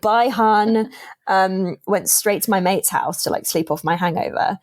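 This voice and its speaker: A woman's voice: on the low side, normal speed. A young woman, a podcast guest telling a dating story in casual chat and acting out the lines of the people in it. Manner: animated storyteller, acts out quotes.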